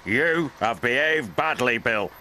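A man's voice: mid-range voice, animated, a little slow, slight background noise. A man voicing a stern, portly male railway boss in a storybook reading. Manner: stern, scolding. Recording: loud music bed.

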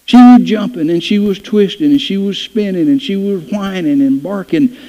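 A pastor with a high-pitched, dark-toned voice preaches a sermon at a moderate pace in a church sanctuary, captured in a dull lo-fi church hall recording. He tells folksy stories and playfully acts out the voices in them.

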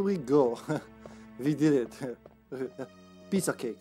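Brief: male game streamer, mid-pitched, jokey and prone to laughter and sudden excited bursts, faint game music underneath. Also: measured pace, pauses often. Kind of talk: casual let's-play commentary.

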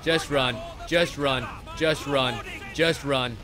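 A young man commentating over gameplay in a sarcastic, comedic way, swearing and panicking loudly, with game music behind him. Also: medium pitch, fairly even intonation, slow pace. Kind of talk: comedic let's play commentary.

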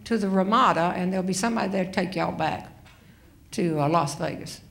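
A woman's voice: fairly low pitch, brisk, gravelly, a bit bright, voice pushed down. A woman playing a laid-back male river guide who answers in a drawling, matter-of-fact way.

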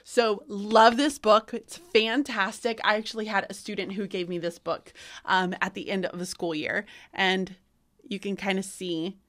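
A middle-aged woman teacher chats in a relaxed vlog about books she loves to read to her class. She sounds enthusiastic and talkative, trailing into fillers and restarting her sentences, at an ordinary mid-range pitch. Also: unhurried. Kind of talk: casual book-recommendation vlog.

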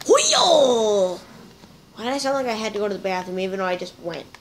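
A woman's voice: mid-range voice, racing, a little hiss or hum, poor audio. A woman hosting a gameplay video, chatting playfully to her viewers as she plays. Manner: chatty, playful, talks to viewers while playing. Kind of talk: casual gameplay commentary.

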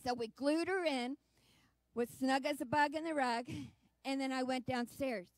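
A woman's voice: sits high, normal speed, no echo. Earnest woman telling a sermon story. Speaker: church speaker. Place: church service.

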